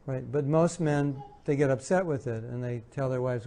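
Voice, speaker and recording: Male lecturer, mellow dark tone, earnest, repeats his points to the audience. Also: mid-range voice, moderate pace. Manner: earnest, repeats key phrases, acts out spouses' lines. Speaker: speaker giving a talk on marriage. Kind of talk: spiritual lecture with audience questions.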